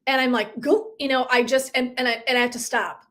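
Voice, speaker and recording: Animated woman coach, laughing storyteller. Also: high voice, a little fast. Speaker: wellness coach. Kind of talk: casual live-stream talk.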